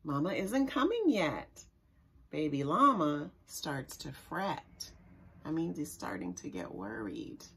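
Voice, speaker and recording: A woman, a children's librarian, reads a picture book aloud to young children in an expressive, sing-song way and stops now and then to explain words. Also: deep voice, takes it slowly, gravelly, a little hiss or hum. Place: library story time recorded for online viewing.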